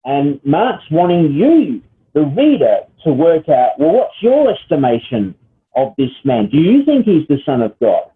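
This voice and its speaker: A man's voice: on the high side, wildly swooping pitch, measured pace. A man teaching a Bible study lesson, explaining step by step and often checking in with "all right?" and "okay?". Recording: tinny phone-like sound.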